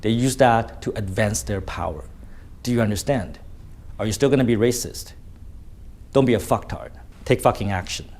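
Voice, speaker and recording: A man's voice: on the low side, moderate pace, long pauses, darkish tone. A man telling a story in casual vlog commentary, blunt and full of swearing, often adding "right?" to his sentences. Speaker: vlogger.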